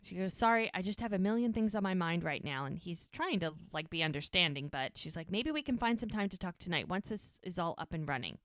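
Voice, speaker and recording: A woman co-hosting a podcast, casually recapping a TV episode and acting out the characters' lines in quick voices. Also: fairly low pitch, animated, a bit bright, no echo. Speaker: podcast co-host.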